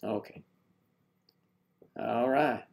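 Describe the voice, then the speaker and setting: A man chatting casually on a live stream, with a voice of ordinary pitch for a man. He rambles and jokes as he greets viewers and reads out their comments. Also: extremely slow, vocal fry, a little mellow.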